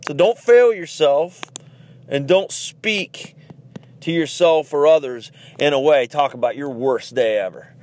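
A middle-aged man hosting a podcast, giving a blunt, forceful motivational talk with swings in pitch and loudness. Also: a little slow. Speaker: podcast host.

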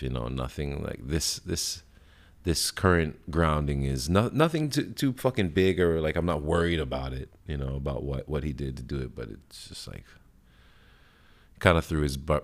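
A man's voice: extremely low pitch, normal speed. A man hosting a podcast in casual, rambling chat, laid-back and swearing a lot, with lots of fillers and short laughs. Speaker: podcast host.

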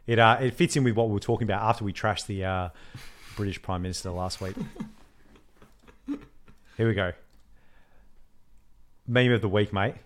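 A podcast co-host with a lowish voice speaks at normal speed and pauses often, with a little hiss or hum in the recording. The casual chat is animated, full of swearing and laughing banter.

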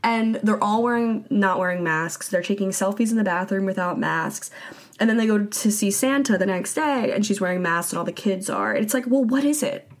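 A woman's voice: medium pitch, normal speed. A young woman hosting a podcast, giving blunt, profane gossip commentary in a casual chat style and saying "like" a lot. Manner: blunt, profane, heavy use of "like". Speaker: podcast host.

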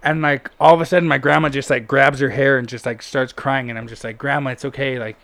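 A man's voice: medium pitch, level tone, fast talker, vocal fry, a bit bright. A man casually telling a personal story as a guest, blunt and full of swearing and "like" fillers. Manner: candid, heavy swearing, frequent "like" fillers.

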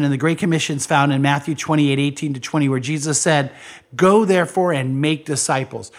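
Male pastor, podcast sermon, earnest, repeats points, slightly high voice. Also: steady tone, a little fast. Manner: earnest, repeats key lines for emphasis.

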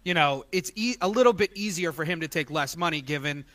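A man co-hosting a casual sports podcast, agreeing often and chiming in with quick replies. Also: on the high side, lively intonation, fairly bright tone. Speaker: podcast co-host.

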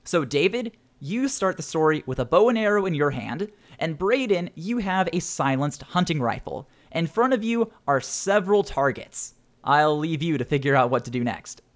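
A man narrating a tabletop role-playing game as game master, animated and quick to laugh. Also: on the high side.

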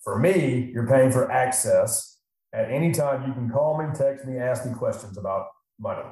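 A man's voice: mid-range voice, lively intonation, moderate pace, mellow. A middle-aged man who works as a financial advisor, talking casually and animatedly, often acting out his clients' voices. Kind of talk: casual podcast talk. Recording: very echoey room.

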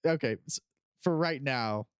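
A man's voice: medium pitch, measured pace, clear, resonant tone, no echo, studio quality. A man co-hosting a podcast, talking in a laid-back, offhand way with stammering restarts. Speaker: podcast co-host. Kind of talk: casual chat.

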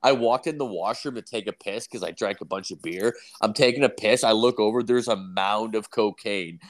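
A man's voice: lowish voice, normal speed. Profane, rambling young man telling stories. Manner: rambling, profane storytelling full of "like". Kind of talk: casual chat.

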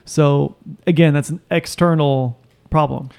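A man's voice: fairly high pitch, fairly even intonation, measured pace, vocal fry, a little mellow, smooth. A young man co-hosting a casual family podcast, sarcastic and swearing often. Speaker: podcast co-host.

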